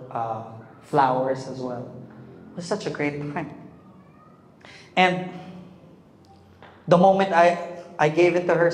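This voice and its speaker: Filipino pastor preaching, switches into tagalog, keeps asking amen, echoey room. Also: on the high side. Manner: animated preaching, mixing in Tagalog, calling for amens. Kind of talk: sermon. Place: church hall. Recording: echoey church hall with long reverb.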